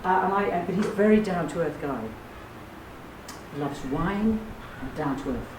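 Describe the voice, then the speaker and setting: A woman voice teacher leads a workshop in a fairly low voice. She is playful and self-deprecating, and she slips into sung vowels between her words. The room is roomy and echoing, she stands back from the mic, and a steady noise runs underneath. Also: a little slow. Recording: echoey room heard from a distance.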